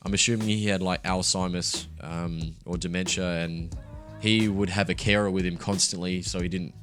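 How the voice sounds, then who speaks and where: A man's voice: low-pitched, fairly even intonation, moderate pace, over music. A young man talking candidly and casually as a podcast co-host, swearing freely and laughing as he tells his story. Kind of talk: casual chat.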